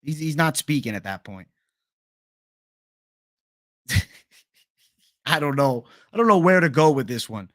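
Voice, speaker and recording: A man with an American accent hosting a casual livestream, relaxed and joking as he reads the chat aloud. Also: a little high, a little slow, long pauses, no room sound. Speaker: livestream host.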